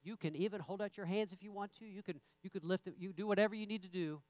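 High-voiced pastor preaching. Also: male voice, quick pace, a little mellow, no echo. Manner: conversational preaching, repeats words, rises to emphatic bursts. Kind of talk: sermon. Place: church sanctuary.

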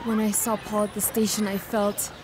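A woman's voice: medium pitch, little pitch movement, normal speed, background noise, lightly acted. A woman voicing a heartbroken young woman in a dubbed film drama, talking in a wistful, confiding way. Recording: loud music under dialogue.

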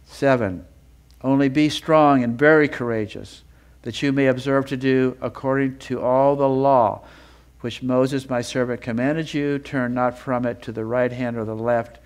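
A male preacher in the middle of a sermon, with a voice of ordinary pitch. He builds with feeling through repeated phrases and drops lower and slower when he reads scripture aloud. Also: fairly even intonation. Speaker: Bible teacher. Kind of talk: sermon teaching.

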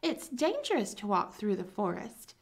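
A woman's voice: medium pitch, very animated, moderate pace, creaky. Woman reading as a kindly older man. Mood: friendly.

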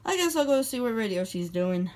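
A woman voicing a grumpy, sarcastic male plumber hero in a homemade toy-figure video, with flat, dismissive speech. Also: a little high, fairly quick. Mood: bored.

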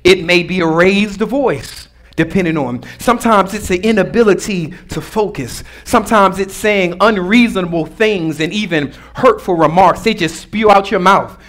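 A man's voice: high voice, moderate pace, few pauses, fairly bright tone. A man preaching a sermon as pastor, in a conversational and humorous way, drawing responses from the congregation.

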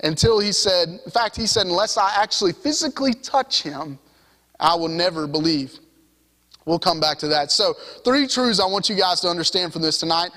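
A man's voice: high voice, animated, normal speed, bright, forceful tone, long reverb tail. A young man with a Southern US accent preaching an evening sermon, reading scripture and keeping it conversational with the congregation. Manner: conversational, keeps asking "right?" of the congregation. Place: church sanctuary.

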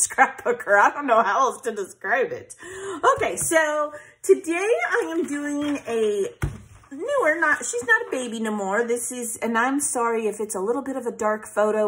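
A woman with a fairly high voice talks through her scrapbooking project in a loose, chatty way. She thinks out loud, fills pauses with ums, and makes light fun of herself. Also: low-quality recording. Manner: chatty, self-deprecating, thinks aloud with fillers. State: hiccups. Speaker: scrapbooking vlogger. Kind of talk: casual craft tutorial chat.

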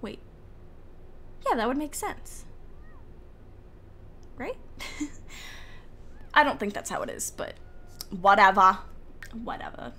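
A woman's voice: sits high, very animated, takes it slowly, long pauses, a bit bright. Giggly young woman narrating a game. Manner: giggly, chatty, talks to the game characters. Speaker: gaming YouTuber. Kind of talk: casual game commentary. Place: home room with the window open. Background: faint outdoor ambience.

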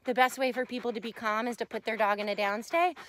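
A woman pet psychic chatting with her dog in a casual vlog, animated and giggly, with fond baby talk. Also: on the high side, quick pace, a little hiss or hum.

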